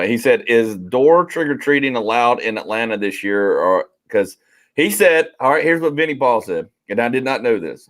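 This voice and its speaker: Rambling podcast host, deep voice. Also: male voice. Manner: rambling, chatty, reads out listener comments. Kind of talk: casual chat.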